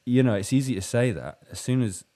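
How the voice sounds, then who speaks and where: A man's voice: medium pitch, lively intonation, fairly quick, dark tone. A man chatting casually and animatedly about playing music, who laughs, swears and acts out quoted voices. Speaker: musician co-host. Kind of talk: casual chat.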